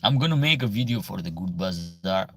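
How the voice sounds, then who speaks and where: A man from Albania, speaking with an Albanian accent in a low, animated, slightly bright voice, hosts a casual livestream Q&A, reading viewer comments aloud and answering in halting, broken English.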